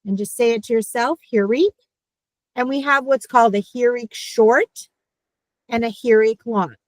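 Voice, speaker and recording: A woman teaches a beginner class in a bright, playful manner, breaking into sudden squeaks to make a point. Her voice sits a little high. It is recorded dry and close, with no room sound around it. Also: moderate pace, no room sound, low-quality recording. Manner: lively, playful, animated. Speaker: Hebrew teacher. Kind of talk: online lesson.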